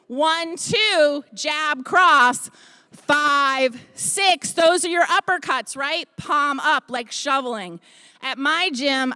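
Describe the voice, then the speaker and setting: A woman's voice: high voice, lively intonation, slow, sharp tone, no room sound, clean studio sound. A woman leading a group exercise class from a stage, upbeat and coaching as she counts out the moves into a handheld mic. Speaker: boxing fitness instructor. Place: expo hall stage, behind a podium. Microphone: handheld microphone.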